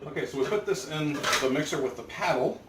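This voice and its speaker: A man's voice: a little high, brisk. A man hosting a casual cooking demonstration in a home kitchen. He talks the viewer through each step and keeps checking in with "right?". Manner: chatty, explains as he works, asks "right?". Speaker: cooking show host. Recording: echoey kitchen, mic far off, loud background noise.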